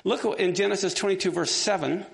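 Gravelly man teaching in an echoing hall. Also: high voice, fairly even intonation, a little fast. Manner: engaged, asks the class questions. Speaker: Bible teacher. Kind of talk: classroom Bible lesson. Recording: long hall reverb.

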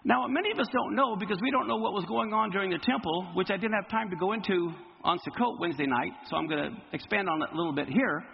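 A man preaching a sermon in an animated way, quizzing his congregation, recorded in a hall with dull lo-fi sound and faint noise. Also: high voice, quick pace, creaky, slightly rough.

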